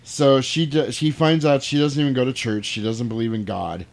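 A man's voice: medium pitch, steady tone, moderate pace, vocal fry. A man co-hosting a podcast, loosely retelling a film plot in casual, profane chat. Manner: loose, profane storytelling with laughs. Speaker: podcast co-host recapping a film.

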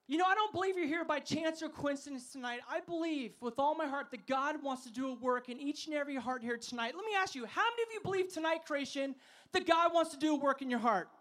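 A man preaching at a festival in a high, bright voice. He is lively and funny and often calls on the crowd to answer back. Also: fast talker. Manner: energetic, asks the crowd to call back; humorous storytelling. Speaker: festival speaker. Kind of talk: sermon.

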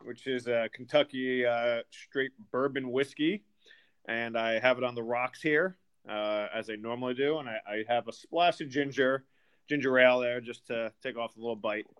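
A man's voice: medium pitch, fairly even intonation, moderate pace, fairly bright tone, clean tone. A man co-hosting a podcast in casual chat, friendly and steering the conversation. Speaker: podcast co-host.

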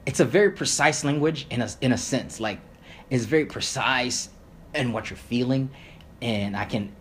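A man guesting on a podcast, rambling and animated, piling up fillers and restarts and swearing casually. His first language is Creole. His voice sits at an average pitch, with a faint hiss of ambient noise behind it. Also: normal speed. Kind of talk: casual conversation.

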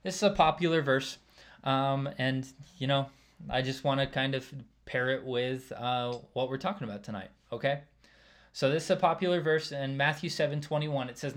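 A man's voice: mid-range voice, fairly even intonation, moderate pace. A man preaching a casual sermon, talking conversationally and checking in with the listeners by asking "right?" again and again. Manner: conversational, keeps asking "right?", drops quieter for asides.

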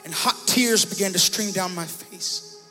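A man's voice: high-pitched, a little slow, in a large hall, faint music behind. A male pastor preaching a sermon as a personal testimony, often repeating himself and rising in intensity. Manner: personal testimony, growing emotional and loud. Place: church sanctuary.

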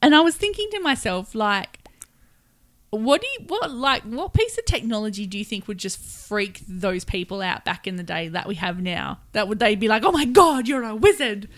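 A woman's voice: mid-range voice, expressive, normal speed, fairly bright tone, no room sound. Rambling woman in dry casual chat. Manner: rambling, laughs often.

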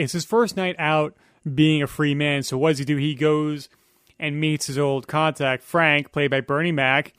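A young man with a somewhat high, slightly bright voice guests on a casual film podcast, recorded dry at studio quality. He explains editing analytically, using many fillers.

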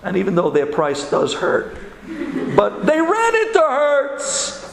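A man, a rabbi, telling a story in an animated, dramatic sermon style. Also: very high-pitched, slow pace, gravelly, crowd noise. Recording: echoey hall with long reverb.

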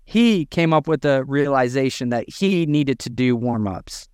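Male podcast co-host, punchy, coaching tone, smooth voice on a dry mic. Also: medium pitch, lively intonation, unhurried, darkish tone, no echo. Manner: emphatic, preachy, acts out quotes. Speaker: podcast co-host, gym owner. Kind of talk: energetic business podcast talk.

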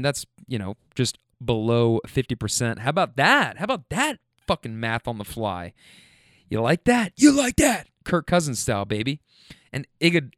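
Young man, podcast host, rambling jokey sports talk, smooth clear voice, dry sound. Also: mid-range voice, no room sound. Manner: loose, joking, rambling with fillers.

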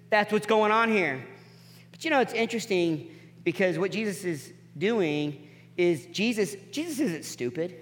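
Animated pastor, high voice, reverberant hall. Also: male voice, a little hiss or hum. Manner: animated, acts out the people in the story with quick voice changes; drops to soft, quiet emphasis on key points. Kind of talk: sermon.

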